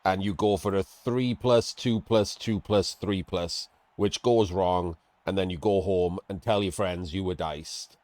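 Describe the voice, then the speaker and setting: A man's voice: sits low, steady tone, measured pace, hardly any pauses, a little mellow, dry recording. A man giving casual, blunt and sarcastic commentary on a game replay, talking to his chat. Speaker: streamer reviewing a game replay.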